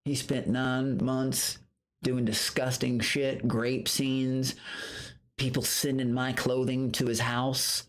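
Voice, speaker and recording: A man streaming live, telling a story in a profane, animated rant, breaking into high outbursts and greeting viewers from chat. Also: slow pace. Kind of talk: casual livestream rant.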